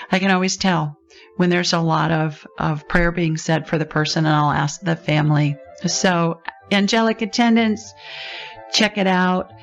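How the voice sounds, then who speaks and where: Low-voiced woman hosting a call-in show. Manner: soothing, descriptive, chatty. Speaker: podcast host and psychic. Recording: dull lo-fi sound.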